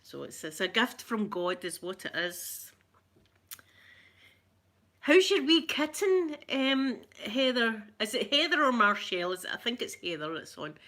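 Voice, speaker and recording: A woman's voice: lowish voice, expressive, moderate pace, few pauses, sharp tone. A middle-aged Scottish woman chatting casually with her live viewers, greeting them by name and laughing often. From Scotland. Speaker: ASMR livestream host.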